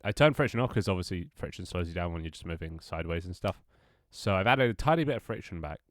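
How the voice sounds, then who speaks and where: A man with a low, animated voice and a stuffy, congested nose talks at a quick pace with no echo. He rambles and jokes casually while live-streaming his game development work, mocking himself and swearing freely.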